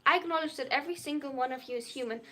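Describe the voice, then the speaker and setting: High bright German-accented streamer. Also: rapid-fire. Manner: earnest, reads chat aloud and replies at length. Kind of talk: live stream, answering chat.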